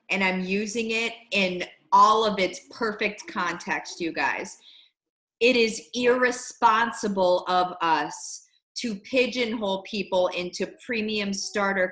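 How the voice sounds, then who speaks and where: A woman hosting a casual chat, talking in an animated, emphatic way with lots of fillers. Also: medium pitch, roomy sound, low-quality recording. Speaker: host.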